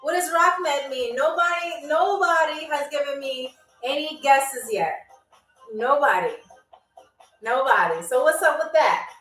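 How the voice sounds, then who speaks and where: A woman's voice: sits high, fairly bright tone, distant mic. A woman hosting a live game show, playfully teasing viewers and reading out their comments. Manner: repeats words drawn out. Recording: echoey room, a little off-mic, faint music.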